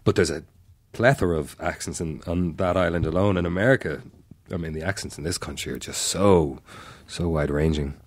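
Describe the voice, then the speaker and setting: A man's voice: low-pitched, a little fast, husky, no echo. A man with an Irish accent, in his forties, chatting casually as a podcast guest, rambling and laughing easily. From Ireland. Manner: relaxed, laughing, rambling storyteller. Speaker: guest actor. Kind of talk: casual chat.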